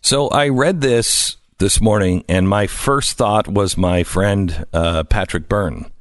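A man hosting a talk radio show, speaking in a conversational monologue with frequent "uh" pauses. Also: on the low side, dry recording, studio quality, soft background music.

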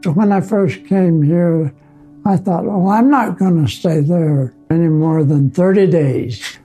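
An elderly man speaks in a low, mellow voice at a very slow, unhurried pace. He pauses and restarts as he reflects on his memories. Soft music plays behind him. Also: breathy edge. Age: older. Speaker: nursing home resident. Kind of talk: interview recollection. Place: assisted living center.

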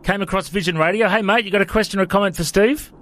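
An upbeat man hosts a call-in radio show and introduces callers briskly. His voice sits high for a man. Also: a bit bright, slight background noise. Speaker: radio host.

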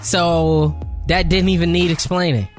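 A man co-hosting a podcast in casual chat, excitable, laughing often and swearing casually. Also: on the high side, unhurried, soft background music. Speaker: podcast co-host.

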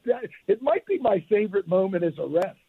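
A man's voice: high voice, big pitch swings, a little fast, gravelly, husky. An older man, a retired referee, telling stories animatedly as a guest, often restarting and repeating words, heard over a tinny phone line. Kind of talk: phone interview storytelling.

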